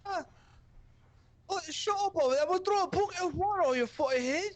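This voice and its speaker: A man doing a shrill short-tempered woman. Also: lively intonation, brisk. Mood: angry. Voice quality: shrill, shouting. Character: fiery young woman streamer, short-tempered.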